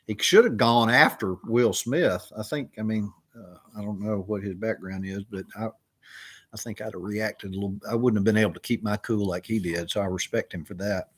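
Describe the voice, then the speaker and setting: Casting: middle-aged man, lower voice, drawling, loose and filler-heavy storytelling host. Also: moderate pace. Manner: rambling, drawling with many fillers. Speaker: live stream host. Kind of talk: casual storytelling chat.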